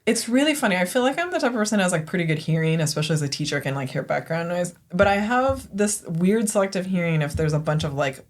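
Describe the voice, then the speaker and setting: A woman's voice: lowish voice, animated, fast, few pauses. A woman teacher co-hosting a podcast, chatting casually and telling a classroom story with frequent laughs and fillers. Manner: chatty, laughs often, many "um" and "like". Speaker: fifth grade teacher and podcast co-host.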